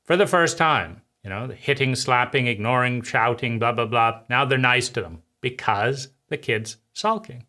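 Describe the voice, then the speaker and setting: Man, bright tone, animated teaching monologue, acts out inner voices, repeats rhetorical phrases. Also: medium pitch, normal speed, hardly any pauses. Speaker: teacher of a personal-growth channel.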